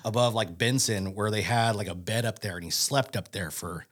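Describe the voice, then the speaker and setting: Male radio personality, somewhat low voice, animated and rambling guest. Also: normal speed. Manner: animated, rambling storyteller with many fillers. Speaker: radio host and voice actor. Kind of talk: casual chat as a podcast guest.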